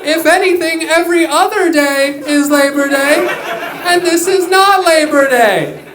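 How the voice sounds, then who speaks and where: A lofty woman politician, as a male comedian imitates her, drawls her words in a slow, circular singsong with her voice pitched high. The sound is roomy and loud. A crowd laughs in the background. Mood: grandiose. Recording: echoey club with crowd laughing.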